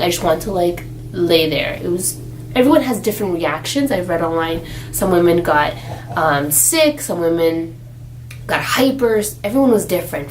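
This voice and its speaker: A young woman vlogging about her pregnancy in a chatty, animated way, acting out the people she quotes. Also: lowish voice, slight background noise, low-quality recording. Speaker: expectant mother vlogger. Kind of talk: casual chat.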